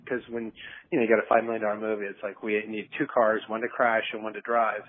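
A man's voice: lowish voice, little pitch movement, fast talker. A male film director as a guest in a casual interview, rambling, laughing often and acting out quotes. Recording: dry, tinny phone-like audio.

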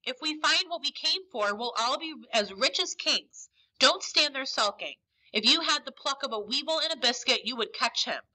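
Screeching blind old pirate, menacing and desperate, read aloud by a woman, high and loud, very bright. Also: lively intonation, moderate pace, rough recording. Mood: frantic. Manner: shrieking, commanding.

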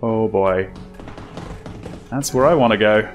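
A man's voice: on the low side, takes it slowly. A man commentating his horror game playthrough, talking to himself, startling and laughing nervously as he goes. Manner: jumpy, laughing, talks to himself. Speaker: gameplay commentator. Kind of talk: let's play commentary. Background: game music.

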